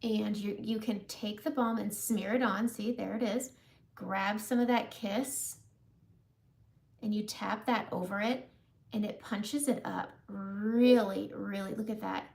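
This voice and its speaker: Casual female livestream host, gravelly edge, friendly shop-talk pace, greets the chat. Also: mid-range voice, steady tone, measured pace, a little mellow. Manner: chatty, greets viewers while applying makeup. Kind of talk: casual live makeup demo.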